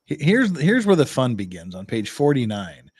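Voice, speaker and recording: A man's voice: mid-range voice, huge pitch swings, moderate pace, a little mellow, husky. Chatty man hosting a livestream. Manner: chatty, with many restarts. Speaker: livestream host. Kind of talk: casual livestream chat.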